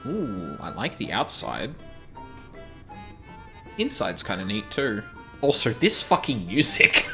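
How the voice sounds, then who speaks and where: A man's voice: fairly low pitch, huge pitch swings, slow pace, long pauses, bright, forceful tone, faint music behind. A man streaming a game, chatting casually, swearing now and then, and reading quest text aloud. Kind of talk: casual chat while playing a game.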